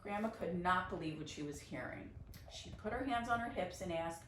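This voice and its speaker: A woman's voice: lowish voice, expressive, moderate pace. A woman teacher reading a picture book aloud to children, with chatty asides and explanations of Yiddish words. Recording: roomy, distant mic, faint noise.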